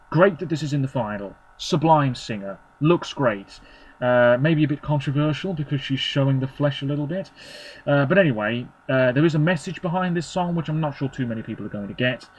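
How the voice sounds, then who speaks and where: A man giving opinionated solo commentary, chatty and sarcastic, with quick verdicts in short clipped phrases. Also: on the high side, breathy edge, low-quality recording. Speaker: Eurovision commentator.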